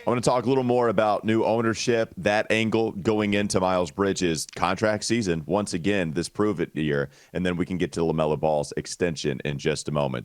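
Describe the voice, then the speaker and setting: A man's voice: deep voice, steady tone, brisk, hardly any pauses, no echo. A man hosting a casual sports podcast, talkative and teasing his co-host. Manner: teasing, talkative, reads ad copy.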